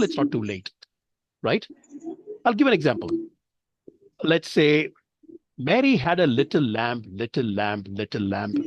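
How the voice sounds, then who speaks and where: A man's voice: mid-range voice, no echo, lo-fi sound. A man from India teaching public speaking in an online training session, explaining with examples and checking in with his listeners. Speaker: speech trainer.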